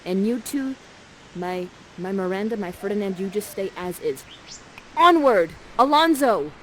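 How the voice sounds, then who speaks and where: A woman's voice: mid-range voice, normal speed, mellow, slight background noise, rough recording. A woman playfully narrating and directing players through a live play, coaxing and jokey, on a headset mic. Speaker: immersive theater performer guiding players.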